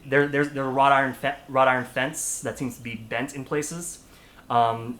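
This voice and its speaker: A man narrating as dungeon master in a tabletop game, halting and restarting often. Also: medium pitch, level tone, fairly bright tone.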